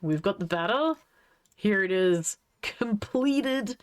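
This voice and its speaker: A woman's voice: medium pitch, expressive, takes it slowly, smooth. A woman streamer chatting casually on a live stream, gushing and giggling as she reacts to what is on screen. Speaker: livestreamer.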